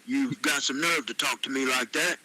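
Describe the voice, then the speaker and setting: A man's voice: mid-range voice, moderate pace, sharp tone, low-quality recording. A synthetic male voice playing a stern, threatening middle-aged boss who scolds and calls the listener "boy".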